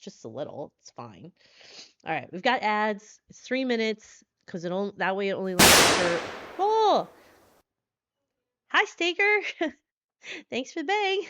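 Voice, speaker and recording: A woman horror streamer chatting live with her viewers, excitable, laughing often and swearing when startled, talking from a hotel room. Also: fairly high pitch, no echo, highs cut off.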